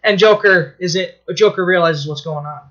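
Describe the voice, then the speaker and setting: A man co-hosting a podcast, excitedly retelling a plot in casual chat, swearing freely and restarting his sentences. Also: sits high, normal speed, muffled recording.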